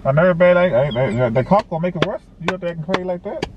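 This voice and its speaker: A man co-hosting a vlog from a car, grumbling and complaining in quick banter. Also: sits high. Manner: grumbling, rapid-fire complaining. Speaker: vlog co-host. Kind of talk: casual banter. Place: car at a drive-thru. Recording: muffled lo-fi with noise.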